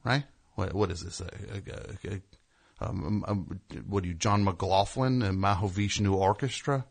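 A man's voice: sits low, fairly even intonation, moderate pace, vocal fry. A man hosting a show, telling a rambling, sarcastic, indignant story as a comedic rant. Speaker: host.

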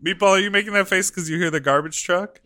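An upbeat male podcast co-host gushes and laughs often between questions. His tone is very bright and forceful, and his pitch sits slightly high. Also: fast talker. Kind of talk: casual chat.

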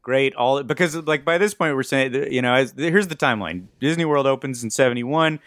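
A man hosts a casual podcast chat, telling a story with plenty of fillers and quick asides. His voice sits in a middling pitch and sounds dry and close. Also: fairly bright tone, no room sound. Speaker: podcast host.

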